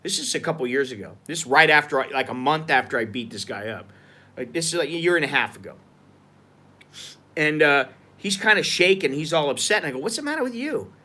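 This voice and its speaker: A man's voice: on the high side, lively intonation, fairly quick, sharp tone. A man from the United States telling a story and ranting on a live stream, heated and profane. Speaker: vlogger. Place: outdoors at a market.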